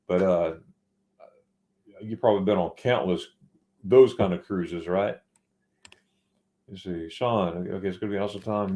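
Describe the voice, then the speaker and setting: A man hosts a loose, late-night live chat with a low, mellow voice. He rambles and trips over repeated words, laughing often. He sounds tired from being up all night. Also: gravelly. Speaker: host.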